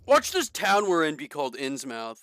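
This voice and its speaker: A man's voice: fairly high pitch, wildly swooping pitch, moderate pace, a bit bright, no room sound. A man giving casual gameplay commentary, jokey and sarcastic, reading the game text aloud as he plays. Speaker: gaming streamer.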